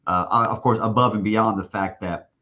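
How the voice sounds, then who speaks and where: His voice sits on the low side, bright and forceful, with fairly even intonation at a normal speed, though the highs are cut off. As a stadium announcer guesting on a podcast, he tells a long anecdote full of restarts, performing the lines of others.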